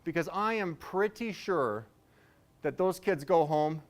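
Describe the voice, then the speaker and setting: A man's voice: a little high, lively intonation, a little slow. A man in his thirties doing a stand-up set, telling loose, rambling stories with self-mocking asides. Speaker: stand-up comedian.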